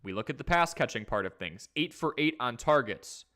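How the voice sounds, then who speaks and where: A man hosting a live fantasy football stream, talking casually and energetically while he reads from the chat. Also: mid-range voice. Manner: energetic, conversational, talks fast in bursts. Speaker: fantasy football livestream host.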